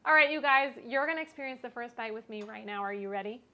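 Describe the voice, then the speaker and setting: A bubbly woman chats through a home cooking vlog, her voice pitched high. She sounds bright and sharp as she gushes to her viewers, picked up on a clip-on mic. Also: steady tone, racing, hardly any pauses. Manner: bubbly, chatty, gushing. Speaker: home cook host.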